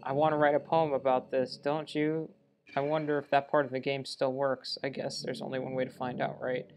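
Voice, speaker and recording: A man's voice: medium pitch, little pitch movement, a little fast, lightly acted. A man reading an obsessive, lovestruck young woman from a video game, his voice sitting in a middle register. He reads the lines plainly, tripping over a word now and then, with a faint hiss underneath. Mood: adoring. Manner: reads character lines in his own voice with small stumbles. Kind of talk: let's play reading game dialogue aloud.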